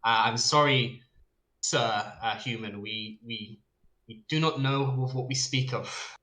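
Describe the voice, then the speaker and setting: A game master voicing a stiff, overly formal townsman in a tabletop game, pitched a little lower than his own voice. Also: unhurried, sharp tone, reverberant. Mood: stiffly formal.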